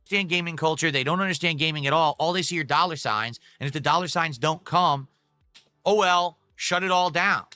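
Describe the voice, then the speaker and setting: A man's voice: a little high, a little fast, sharp tone, clear, resonant tone, dry recording, clean studio sound, soft background music. A man ranting indignantly on a live stream.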